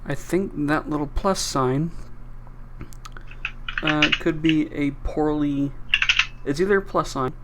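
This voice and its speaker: A man's voice: on the high side, takes it slowly, long pauses, background noise. A man streaming while tinkering, thinking aloud in a laid-back way and swearing casually. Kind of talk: casual chat while working on a device.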